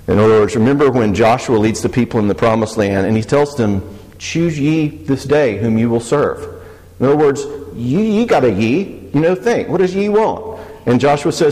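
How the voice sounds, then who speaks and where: Male speaker, lively and humorous, church talk, long reverb. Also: mid-range voice, normal speed. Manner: lively, joking, asks the audience questions. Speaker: speaker on faith and marriage.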